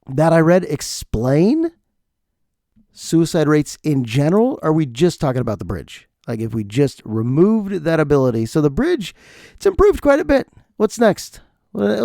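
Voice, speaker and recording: Gravelly, animated man ranting. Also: a little high, dry recording, clean studio sound. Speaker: podcast host. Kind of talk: comedic podcast monologue.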